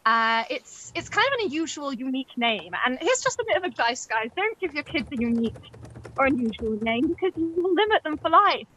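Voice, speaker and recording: Deadpan young woman doing stand-up. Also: sits high, fairly quick, low-quality recording. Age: 20s. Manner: deadpan, mimics others in put-on voices. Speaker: stand-up comedian. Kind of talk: stand-up set over video call. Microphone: video call.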